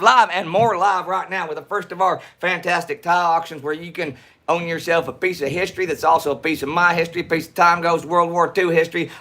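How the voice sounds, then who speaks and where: A man's voice: fairly high pitch, bright, forceful tone. A man from Texas with a Texan accent, hosting a casual livestream in a joking, rambling way. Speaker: livestream host.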